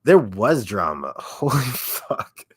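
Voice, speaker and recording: A very low, raspy male voice rambles through a casual livestream chat, piling on fillers and swearing. He is an ASMR YouTuber talking loosely to his viewers. The sound is dry and close, with no room echo. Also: big pitch swings, slow pace. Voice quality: deep and raspy.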